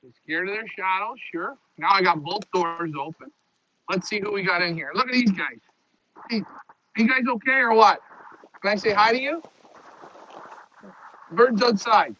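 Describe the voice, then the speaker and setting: A man talking loudly to his pigeons as he shows his loft on a live phone stream. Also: extremely high pitch. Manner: loud, talks to his birds. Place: pigeon loft, outdoors nearby. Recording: dull lo-fi stream audio.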